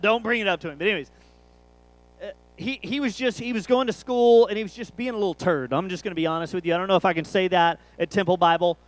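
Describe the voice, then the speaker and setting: A man's voice: sits high, fast talker, rough recording. A man, preaching a sermon through a rambling, jokey family story.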